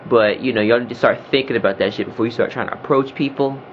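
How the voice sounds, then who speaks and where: Man, vlog rant, animated, profane, loud and heated, mid pitch, dull lo-fi audio. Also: quick pace, a little hiss or hum. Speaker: video blogger.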